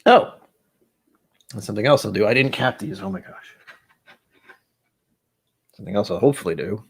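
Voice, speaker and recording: A man from the States hosts a whisky tasting on a casual livestream from his home, his voice sitting a little low. He rambles, mutters to himself while setting up, and pokes fun at himself between sips. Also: animated, moderate pace, vocal fry, a little hiss or hum. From United States. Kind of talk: casual solo livestream chat. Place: home room, seated at a desk with glasses.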